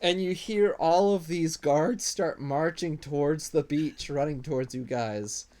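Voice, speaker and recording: A man's voice: a little high, a little slow, darkish tone. A man narrating a tabletop game as game master, rambling casually with restarts. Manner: rambling, many ums and restarts.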